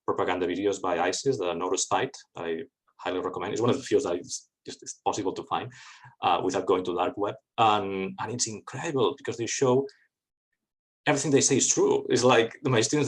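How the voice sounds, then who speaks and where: A man takes questions after giving a talk. His voice sits a little low, and he answers in a lively, wry way. He often trips over his words and restarts. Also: fairly quick, poor audio. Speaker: guest speaker. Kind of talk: academic talk Q&A.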